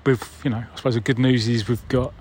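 A man's voice: medium pitch, fairly even intonation, quick pace, darkish tone, a little hiss or hum. A man leaving a casual voicemail, conversational and wry, with mild swearing.

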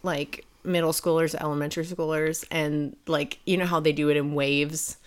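A woman's voice: low-pitched, flat delivery, normal speed, clean tone. A young adult woman co-hosting a podcast, telling rambling stories and giggling in casual chat. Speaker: podcast co-host.

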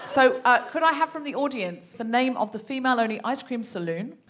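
A woman's voice: on the high side, animated, brisk, fairly bright tone, a faint crowd. A woman hosting a live comedy podcast on a theatre stage, chatty and laughing as she tells a story and sets up an improv scene.

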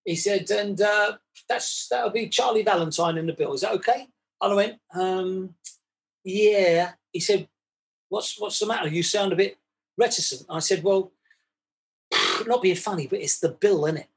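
A man's voice: high voice, moderate pace, vocal fry. A man, chatting as a podcast guest and acting out both sides of old conversations. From England. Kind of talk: casual storytelling chat.

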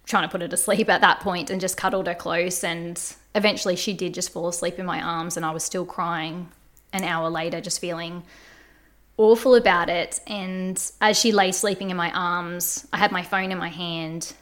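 A woman's voice: lowish voice, fairly even intonation, moderate pace, fairly bright tone. A woman guest on a podcast, telling a personal story in an earnest, reflective way. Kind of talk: candid conversational storytelling.

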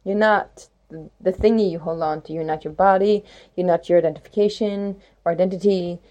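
Woman musing on spirituality, rambly and reflective, lowish mellow voice. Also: fairly even intonation, a little fast, dull audio. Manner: rambling, reflective, many "like"s, playful rhymes. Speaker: spiritual podcast host. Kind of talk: reflective spoken monologue.

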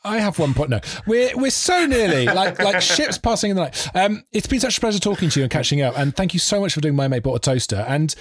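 A man's voice: high voice, sing-song, quick pace, few pauses. A man hosting a podcast interview, playful and cheerful in his banter. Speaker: podcast host. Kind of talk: casual interview chat.

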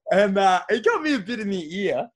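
A man's voice: high-pitched, big pitch swings, brisk. Sweary rambling Australian man. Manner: sweary, rambling, laughs often. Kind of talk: crude casual chat.

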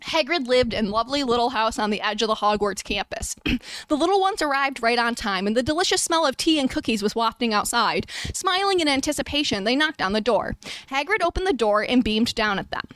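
Young woman host, deadpan fan fiction reading, fairly high voice, dry close sound. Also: fairly quick, no echo. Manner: deadpan reading with blunt asides. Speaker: podcast host.

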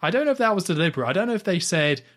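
A man's voice: high-pitched, very animated, very fast, a bit bright. Rambling man recapping a film. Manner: rambling scene retelling, full of "like" and restarts. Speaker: podcast host. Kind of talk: casual film recap chat.

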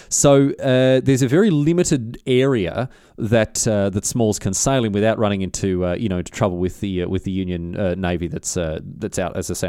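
A man's voice: lowish voice, mellow, dry recording, clean studio sound. Rambling man telling history. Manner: rambling, filler-heavy, matey retelling with slang. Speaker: podcast host. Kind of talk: casual history storytelling.

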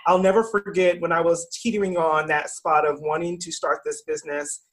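A woman's voice: low-pitched, brisk. A woman who is a guest in a casual interview, speaking with enthusiasm about her own experience. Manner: enthusiastic, tells personal stories. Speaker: guest, event organizer.

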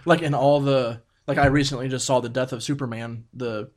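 Man, mid-pitched voice, casual podcast chat, relaxed, lots of fillers. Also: brisk. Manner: relaxed, many "like" fillers, reads episode summaries. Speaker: podcast co-host.

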